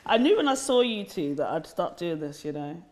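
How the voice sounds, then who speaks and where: A woman's voice: lowish voice, sing-song, normal speed, a little mellow. Candid woman hosting a podcast. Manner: heartfelt, candid, casual swearing. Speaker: podcast host and charity founder. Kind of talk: podcast conversation.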